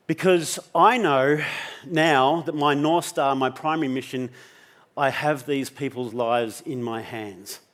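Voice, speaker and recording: A man's voice: fairly high pitch, fairly bright tone. A middle-aged Australian man giving a personal storytelling talk on stage, intense and emotional, swearing freely. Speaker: keynote speaker.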